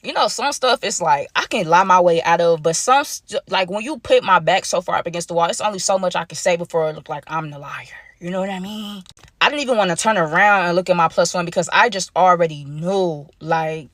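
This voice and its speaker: A young adult woman telling a casual story in an animated, slangy way, acting out what people said. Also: fairly low pitch, a little fast, no echo, studio quality. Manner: animated slangy retelling, acts out quoted dialogue.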